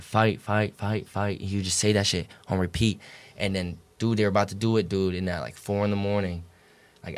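A young man telling his story as a podcast guest, casual and rambling, swearing freely and filling his talk with "like" and "dude". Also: on the low side. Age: young adult. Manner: profane, rambling, full of "like" and "dude".

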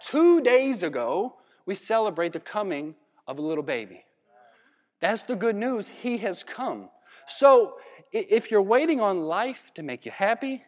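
A man from Virginia preaching a sermon in a conversational, animated way, with laughs and asides. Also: sits high, moderate pace, in a large hall. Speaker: pastor. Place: church hall.

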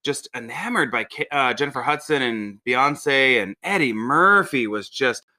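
A man co-hosting a podcast in casual chat, an animated storyteller who swings his voice up when quoting people. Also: mid-range voice, normal speed. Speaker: podcast co-host.

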